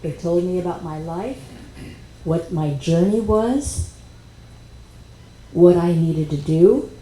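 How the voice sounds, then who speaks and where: A woman speaking at a spiritual workshop, telling a personal story in a conversational, animated way. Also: on the low side, takes it slowly. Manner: animated, conversational, with quoted dialogue. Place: expo workshop room. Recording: echoey room with faint noise.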